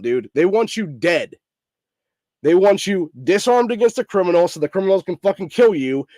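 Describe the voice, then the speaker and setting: A man's voice: fairly high pitch, darkish tone, dry recording. A man from hosting a political commentary show, ranting angrily and swearing constantly, with "dude" at every turn. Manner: angry, profane, repeats "dude". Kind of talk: ranting commentary over news clips.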